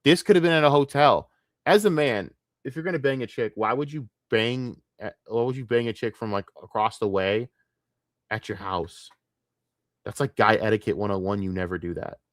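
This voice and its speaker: A man's voice: on the low side, normal speed, no room sound, clean studio sound. A man streaming late at night, ranting with a lot of profanity and getting easily distracted.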